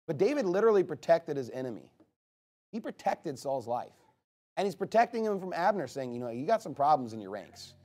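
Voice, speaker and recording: A male pastor preaching a sermon, emphatic and rising to loud passages as he drives his points home. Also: on the high side.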